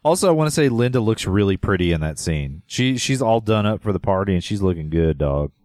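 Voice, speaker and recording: A man's voice: lowish voice, lively intonation, brisk, a little mellow, no room sound. A man co-hosting a podcast, rambling in a laid-back way and teasing his co-host playfully. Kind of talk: casual chat.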